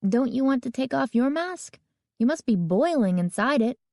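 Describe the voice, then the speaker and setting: Woman voicing a brisk, teasing young girl, raised pitch, storybook reading. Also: expressive, dark tone, no room sound, studio quality. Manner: brisk, a bit sarcastic.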